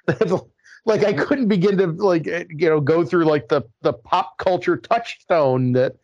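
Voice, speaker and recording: A man co-hosting a casual podcast, talking in an animated way with stammered restarts and exasperated emphasis. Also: on the high side, moderate pace, no room sound, lo-fi sound. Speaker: podcast co-host.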